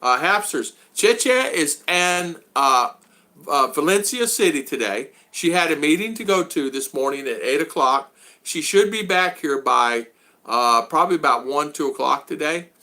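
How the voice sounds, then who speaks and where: A man chatting casually to his live-stream audience, with a bright, forceful voice. He rambles with lots of "uh"s and restarts and stops to greet viewers by name. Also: mid-range voice. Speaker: vlogger hosting a live stream.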